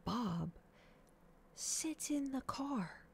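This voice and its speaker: A woman in her thirties telling a story to her stream viewers in a casual chat, animated and full of swearing, acting out her own reactions. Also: sits high, extremely slow, gravelly, slight background noise. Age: 30s. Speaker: livestreamer.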